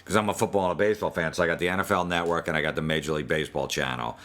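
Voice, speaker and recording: A man's voice: a bass voice, fairly even intonation, very fast, a bit bright. A man ranting crudely in a casual podcast chat, swearing freely. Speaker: podcast host.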